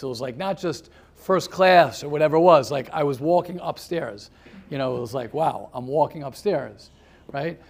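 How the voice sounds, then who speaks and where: A man, a rabbi, giving a motivational talk to a small group, telling stories and calling on listeners by name. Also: a little high. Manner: animated storyteller who addresses listeners by name; repeats words for emphasis. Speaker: rabbi leading a seminar.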